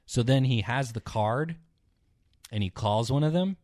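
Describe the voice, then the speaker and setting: A young man co-hosting a podcast speaks at a measured pace in a slightly mellow voice, captured dry at studio quality. His stories ramble casually, he swears a lot, and he mutters low when acting out characters.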